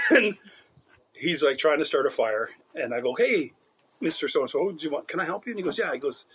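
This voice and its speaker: A man with a slightly high voice rambles through a story in a casual podcast chat and keeps laughing. A faint background noise sits under his voice. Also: lively intonation, brisk, a bit bright, low-quality recording. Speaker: podcast co-host.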